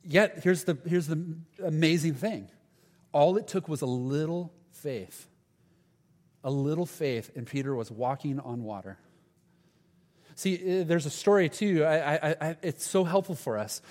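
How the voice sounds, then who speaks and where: A man's voice: a little high, expressive, a little slow, a little mellow. A man preaching a conversational sermon as pastor, acting out the voices in Bible stories. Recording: long reverb of a large hall.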